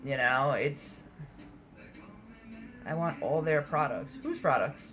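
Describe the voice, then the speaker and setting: A woman's voice: sits low, slow, over music, rough recording. A woman hosting a casual livestream, answering viewer comments in a candid, blunt way, swearing freely and laughing often. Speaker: livestream host.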